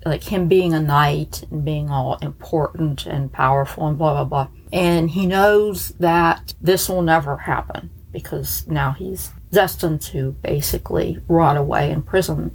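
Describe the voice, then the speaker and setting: A woman's voice: deep voice, slight background noise, poor audio. A woman from the United States telling a true crime story in a casual, chatty way, blunt and sarcastic.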